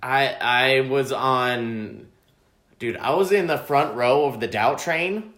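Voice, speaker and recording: A man's voice: medium pitch, slow pace, a bit bright, reverberant. A man co-hosting a casual sports podcast, teasing his buddy with dry wisecracks. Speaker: podcast co-host.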